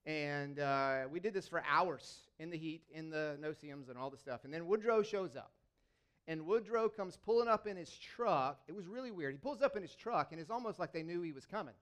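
Man, fairly high voice, conversational sermon, storytelling, frequent restarts. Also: lively intonation, moderate pace, fairly bright tone. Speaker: lay preacher.

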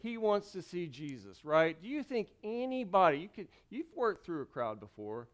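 A young man preaches to his congregation in a lively, conversational way, breaking off for jokes. His voice sits high and sounds smooth and clear. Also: moderate pace. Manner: animated preaching with asides and jokes. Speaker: pastor. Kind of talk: sermon.

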